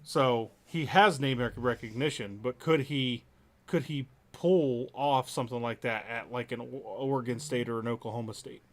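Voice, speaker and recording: A man's voice: mid-range voice, moderate pace. A man co-hosting a casual sports chat show, hedging his opinions and thinking aloud with frequent restarts. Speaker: co-host.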